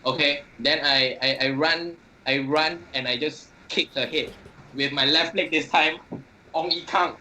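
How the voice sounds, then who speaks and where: A man's voice: a little high, steady tone, measured pace, pushed and bright, a little hiss or hum. A man playing in a tabletop wrestling game, hesitant and stammering as he describes his moves. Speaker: player. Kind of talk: tabletop role-play chat.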